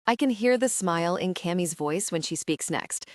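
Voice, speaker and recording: A woman's voice: lowish voice, lively intonation, moderate pace, hardly any pauses, darkish tone, no room sound, studio quality. A woman narrating a first-person romance audiobook in a wry, self-deprecating way.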